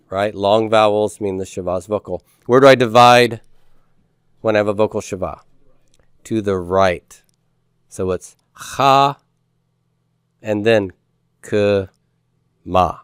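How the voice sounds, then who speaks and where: A man's voice: on the low side, smooth, dry recording, studio quality. A man reviewing homework as a teacher, patiently asking questions, answering them himself, and drawing out key words. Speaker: Hebrew teacher.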